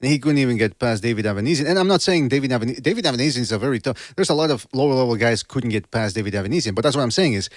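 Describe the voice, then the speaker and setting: A man hosting a casual boxing podcast, talking in an animated, joking way and quick to laugh. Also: medium pitch, no room sound, clean studio sound. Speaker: podcast host.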